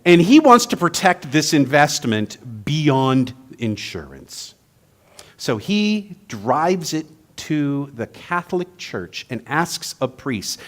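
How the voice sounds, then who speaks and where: Animated male preacher telling jokes. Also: a little high, slow. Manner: playful, joke-telling, then reflective. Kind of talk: humorous sermon.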